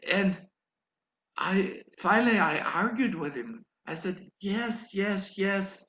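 An older man preaching a sermon, telling a story in an animated way that rises to emphatic pleading. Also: high voice, slow pace, reverberant, lo-fi sound, a little hiss or hum.

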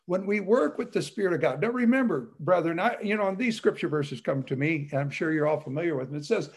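A man's voice: fairly high pitch, lively intonation, fast, slightly rough. A man sharing a rambling personal testimony with fellow believers, chatty and full of "you know" fillers with frequent chuckles.

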